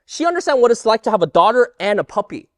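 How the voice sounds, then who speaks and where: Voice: mid-range voice, fast, no room sound, clean studio sound. A Bible teacher giving an emphatic lesson and firing rhetorical questions at the audience. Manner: animated, emphatic delivery.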